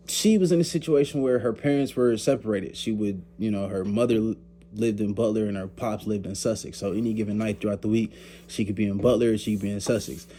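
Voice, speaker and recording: A man's voice: lowish voice, a little hiss or hum. Laid-back young man telling a story. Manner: animated, slangy, laughs often, acts out quoted voices. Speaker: vlogger. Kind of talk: casual storytelling.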